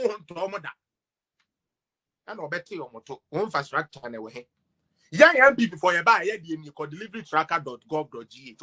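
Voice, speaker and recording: A man with a Ghanaian accent delivering a mocking, sarcastic political rant, swinging between loud outbursts and low mutters. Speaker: political commentator.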